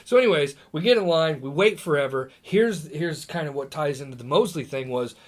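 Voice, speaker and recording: A man from Indiana, a podcast guest, telling a story in casual chat, lively and full of fillers and restarts. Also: a little high, a little fast. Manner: animated, acts out quotes, many fillers and restarts.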